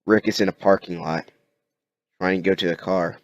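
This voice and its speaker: A man narrating an improvised story in a halting way, with many restarts. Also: low voice, steady tone, no room sound. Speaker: amateur narrator.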